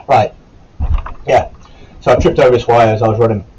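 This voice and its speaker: A former Marine recruit telling a casual, rambling story to camera, with a sore, cough-prone throat and a sweary, self-correcting way of talking. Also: male voice, medium pitch, steady tone, normal speed, highs cut off, noisy background.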